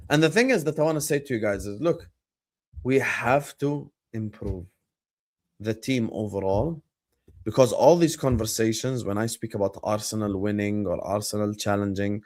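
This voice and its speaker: A streamer and football pundit hosts a livestream about football, arguing his points emphatically and firing off rhetorical questions. His voice is medium-pitched with a darkish tone.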